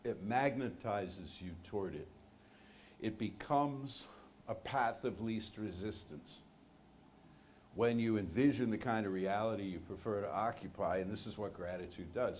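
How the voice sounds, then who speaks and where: A man's voice: fairly low pitch, moderate pace, a little mellow, a little hiss or hum. A man preaching a sermon to a congregation, speaking conversationally and with animation, joking with his listeners. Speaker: minister. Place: church sanctuary.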